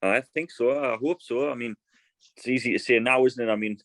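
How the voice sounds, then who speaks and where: A man's voice: medium pitch, a little fast, fairly bright tone, no room sound, poor audio. A man, chatting casually as a podcast guest and telling stories with many restarts. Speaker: guest, fast bowler.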